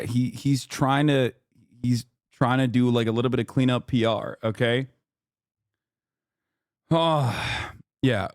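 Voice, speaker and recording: A man's voice: medium pitch, darkish tone, no room sound, studio quality. A man streaming, reacting to a video with sarcastic, profane, mocking commentary.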